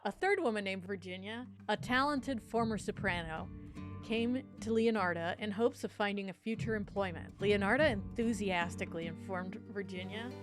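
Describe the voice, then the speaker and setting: A woman's voice: mid-range voice, moderate pace, music in the background. A woman co-hosting a podcast, casually telling a true crime story with frequent laughter and a playful tone. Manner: animated, laughs often, tries a silly accent. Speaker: podcast co-host.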